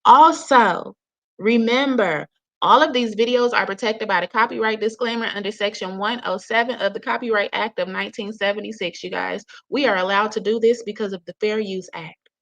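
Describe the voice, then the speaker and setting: A woman's voice: medium pitch, a little fast, a bit bright. A woman hosting a casual reaction commentary, chatty and slangy, often laughing and calling her viewers "y'all.". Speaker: reaction channel host. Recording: dull lo-fi audio.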